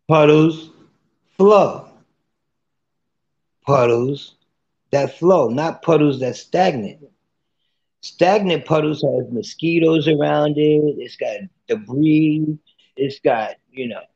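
A man hosting a casual live chat room and giving tarot readings, playful and teasing, with sudden soft asides. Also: on the high side, gravelly, highs cut off.

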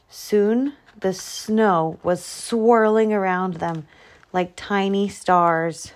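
A woman reading a children's picture book aloud, slow and expressive. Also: on the low side. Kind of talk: storybook read-aloud.

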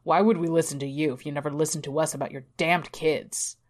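A woman's voice: low-pitched, steady tone, a little fast. A woman voicing a cruel, menacing male bus driver in a horror story, talking in a cold, threatening way.

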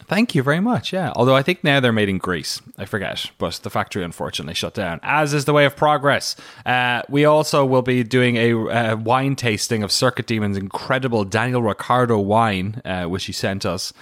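A man's voice: medium pitch, fairly quick, hardly any pauses, a bit bright, dry recording, clean studio sound. An Irish man co-hosting a podcast in casual, rambling chat with many fillers and self-deprecating asides. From Ireland. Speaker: podcast co-host.

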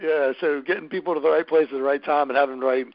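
A man's voice: fairly high pitch, steady tone, fast talker, no room sound, muffled recording. A man organizing a hosted event, chatting casually and enthusiastically with many restarts. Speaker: local event host organizer. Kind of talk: casual podcast chat.

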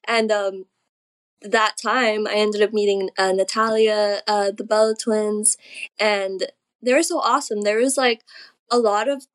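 A woman's voice: mid-range voice, fairly even intonation, unhurried. A young woman, a pro wrestler, tells stories in an interview with a giggly manner, sprinkling her speech with "like". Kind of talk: casual interview storytelling.

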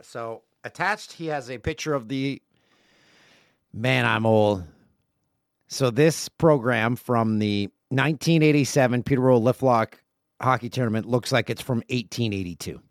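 A man's voice: medium pitch, unhurried, pauses often, no room sound, clean studio sound. A man in his forties hosting a casual solo podcast, reading listener emails aloud with jokey asides. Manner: chatty, jokey asides while reading mail. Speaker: podcast host.

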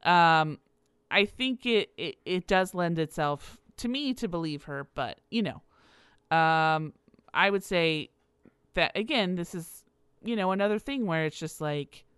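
A woman's voice: on the low side, animated, unhurried, a bit bright, smooth, dry recording, studio quality. A woman hosting a podcast on her own, rambling casually with laughs and frequent fillers. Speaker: podcast host. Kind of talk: casual solo commentary.

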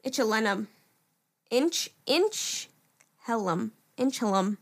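High-voiced, animated woman co-host, giggly, swears freely. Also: slow. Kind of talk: casual chat.

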